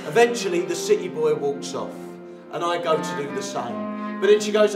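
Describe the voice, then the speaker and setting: A man's voice: sits high, animated, normal speed, pauses often. A man performing a theatrical storytelling monologue on stage, acting out dialogue and chanting refrains. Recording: roomy hall with live music.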